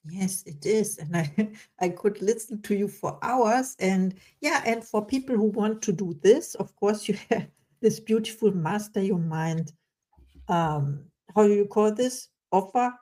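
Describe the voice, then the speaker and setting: Casting: female interview host, mellow tone, quick light laughs through her speech. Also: medium pitch. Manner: warm, laughs often while talking.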